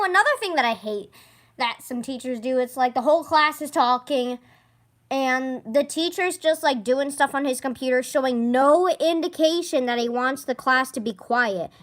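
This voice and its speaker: A teenage girl ranting casually about a teacher, exasperated and sarcastic. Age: teens. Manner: exasperated, sarcastic, mimics others in low mocking voices. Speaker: student ranting.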